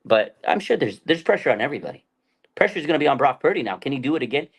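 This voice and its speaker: A man's voice: mid-range voice, big pitch swings, rapid-fire, gravelly, husky. A man hosting a fan sports show, talking in a loose, rambling way full of fillers and restarts. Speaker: fan channel host. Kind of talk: casual sports talk livestream.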